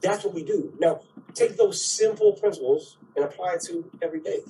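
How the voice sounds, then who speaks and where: Guy doing a spiritual talk, says "right?" a lot, warm dark tone. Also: a little high, animated, fairly quick, distant mic, a little hiss or hum, low-quality recording. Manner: keeps asking "right?", acts out quoted voices.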